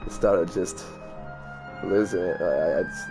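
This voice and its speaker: Over music, a low-voiced let's play gamer takes his time, chatting loosely about his game, reading its text aloud, wandering off topic, swearing, and fumbling tricky words.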